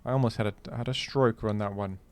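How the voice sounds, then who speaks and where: A man's voice: on the low side, steady tone, a little fast, clear, resonant tone, dry recording, faint music behind. A man hosting a gaming video, giving casual, rambling commentary with a joking, incredulous manner. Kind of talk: casual commentary while playing.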